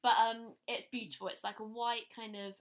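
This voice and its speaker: A woman's voice: fairly high pitch, flat delivery, normal speed, a bit bright. A woman co-hosting a podcast in casual chat, gushing and laughing often. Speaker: podcast co-host.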